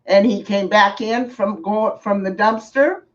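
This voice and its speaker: A woman tells a story on a live stream, slowly and earnestly, stopping now and then to thank viewers. Her voice sounds set back from the mic. The sound is dull and lo-fi. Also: medium pitch, far from the mic.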